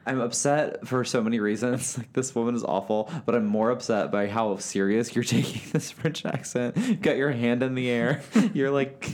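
A man's voice: medium pitch, normal speed, few pauses, darkish tone. A man co-hosting a podcast from the US, chatting casually, teasing and laughing often. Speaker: podcast co-host. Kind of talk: casual chat.

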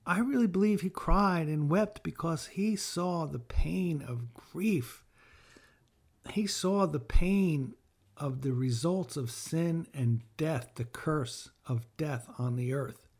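A man's voice: fairly high pitch, slow, a little mellow, slightly rough. A middle-aged man hosting a podcast, giving a heartfelt scripture teaching in an earnest way and repeating phrases for emphasis. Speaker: podcast host and bereaved father.

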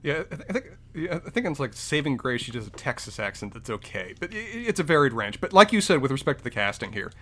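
A man's voice: mid-range voice, sing-song, fast, hardly any pauses, fairly bright tone. A man co-hosting a casual film review podcast, talking in long, detailed run-on points. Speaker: podcast co-host.

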